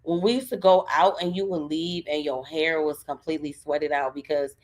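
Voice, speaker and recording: A woman co-hosting a podcast, talking in a relaxed, reflective way with folksy phrasing. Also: low voice, normal speed. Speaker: podcast co-host. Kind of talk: casual chat.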